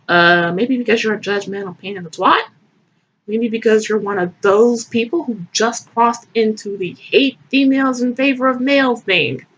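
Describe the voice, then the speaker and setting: A woman's voice: a little high, moderate pace, fairly bright tone, husky, dull audio. A woman giving sarcastic, mocking comedic commentary as host. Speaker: host reading and mocking fan fiction.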